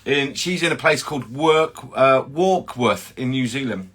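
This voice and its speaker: Chatty husky-voiced man hosting a livestream. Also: mid-range voice, lively intonation, measured pace, fairly bright tone. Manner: chatty, greets viewers by name, many fillers. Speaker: host of a chocolatier livestream. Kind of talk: casual livestream chat.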